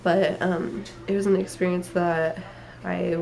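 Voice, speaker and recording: A young woman talks to camera in a loose, rambling vlog. Her voice sits a little low, and she sounds tired and emotional, with many fillers as she goes. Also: level tone, slow pace, creaky, a little mellow, slight background noise. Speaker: vlogger. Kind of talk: casual personal story.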